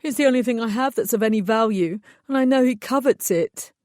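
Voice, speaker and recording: A woman's voice: brisk, a little mellow, no room sound, studio quality, natural voice. A woman voicing a vain, panicky young male fairy who wails melodramatically. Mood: mournful. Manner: shrill melodramatic wailing.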